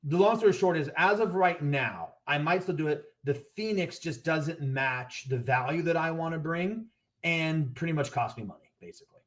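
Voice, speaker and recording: A man's voice: a little high, animated, normal speed, a bit bright. Rambling man explaining his gear business. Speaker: gear brand owner, podcast guest. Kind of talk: casual podcast chat.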